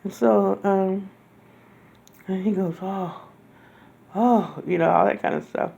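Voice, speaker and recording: A woman telling a personal story in a casual, rambling way, halting often and restarting her sentences. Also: medium pitch, steady tone, vocal fry, dark tone, husky, dull audio. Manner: acts out quoted lines in a raised voice.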